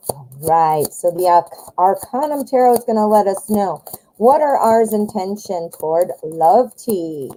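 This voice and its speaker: A chatty, excitable woman, hosting a live tarot reading stream and joking about herself. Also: medium pitch, rough recording. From western suburbs of Chicago, US. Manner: chatty, excitable, self-deprecating jokes.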